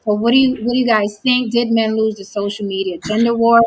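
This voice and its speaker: A woman hosting a livestream talk show, brisk and speaking straight to her chat. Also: on the high side, flat delivery, low-quality recording. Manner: brisk, addresses the chat directly. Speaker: host.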